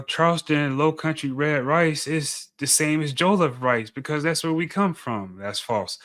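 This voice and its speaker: A man's voice: medium pitch, sharp tone. A man giving blunt, dismissive commentary, often repeating himself as he argues. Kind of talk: opinionated commentary video.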